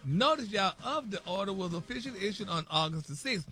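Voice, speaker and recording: High-voiced man dishing radio gossip. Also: expressive, a little fast, sharp tone. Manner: sprinkles "y'all" and "honey" everywhere, dramatic. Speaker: celebrity news reporter on a morning radio show. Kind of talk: morning radio gossip report. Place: radio studio.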